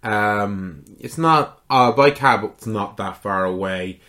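Relaxed man narrating as game master. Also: lowish voice, takes it slowly. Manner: relaxed, conversational, lots of filler.

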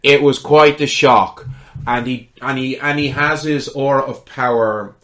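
Man, game master, relaxed conversational narration, mid-pitched voice. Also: unhurried. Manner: relaxed, conversational, lots of filler.

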